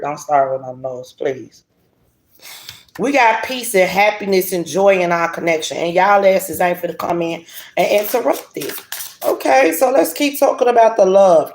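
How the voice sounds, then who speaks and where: Animated, foul-mouthed woman reading tarot. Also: medium pitch. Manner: animated, blunt and profane, laughs often. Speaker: tarot reader. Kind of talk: casual tarot reading to viewers. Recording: roomy echo, faint hiss.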